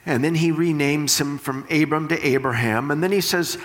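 A man preaching a sermon, reading scripture slowly and then paraphrasing it in animated bursts. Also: fairly high pitch, long reverb tail.

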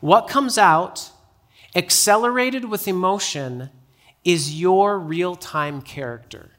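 Pastor, male, high bright voice, conversational sermon with stories. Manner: conversational, repeats words as he restarts. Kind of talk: sermon with personal anecdote.

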